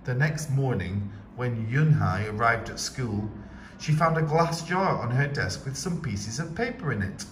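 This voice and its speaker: Slow, expressive man reading a storybook. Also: mid-range voice, background noise. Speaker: teacher. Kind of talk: picture book read-aloud. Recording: echoey room with faint ambience.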